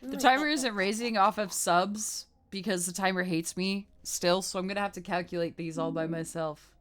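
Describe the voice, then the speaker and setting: A woman livestreamer chatting casually to her viewers. She is excitable and swears a lot, swinging between shouting and mumbling. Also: mid-range voice, normal speed.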